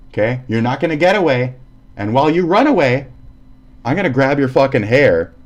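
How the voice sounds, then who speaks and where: A man ranting casually on a live stream, profane and heated, often laughing and acting out quotes. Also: mid-range voice.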